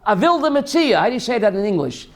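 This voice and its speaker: A man teaching a lively Torah class as a rabbi, asking his listeners questions and mixing in Hebrew terms. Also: sits high, quick pace. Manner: animated, asks the audience questions, mixes Hebrew terms.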